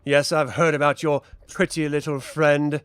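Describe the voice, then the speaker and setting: A man's voice: on the high side, level tone, normal speed, a bit bright, smooth, no room sound, natural voice. A man voicing a sinister, red-robed male cultist who taunts and threatens. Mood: menacing. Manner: menacing, taunting.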